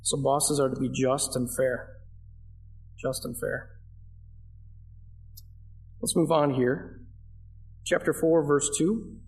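A man's voice: medium pitch, steady tone, slow, pauses often, darkish tone. A man preaching a verse-by-verse sermon, conversational, asking his listeners questions and leaning hard on key phrases. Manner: conversational, asks the congregation questions; emphatic, leans on key phrases. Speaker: pastor.

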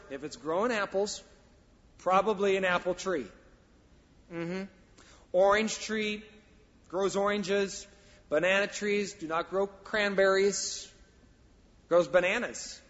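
Emphatic preaching man in a reverberant church. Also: fairly high pitch. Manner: emphatic preaching, swings from quiet to loud. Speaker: pastor. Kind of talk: sermon. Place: church sanctuary. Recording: dull sound with long hall reverb.

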